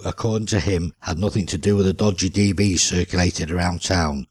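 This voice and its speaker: Husky low-voiced male narrator. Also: moderate pace, darkish tone, no echo. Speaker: audiobook narrator. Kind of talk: scripted audiobook narration.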